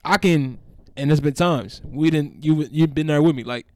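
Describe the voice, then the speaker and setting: A young man co-hosting a podcast, talking in a relaxed, rambling way with frequent restarts. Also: on the high side, normal speed, no room sound. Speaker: podcast co-host. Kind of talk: casual podcast chat.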